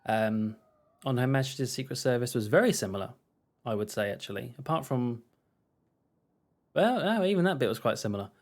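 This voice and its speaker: A man's voice: mid-range voice, animated, brisk, long pauses. A man casually chatting and rambling while streaming a game. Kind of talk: casual let's-play commentary.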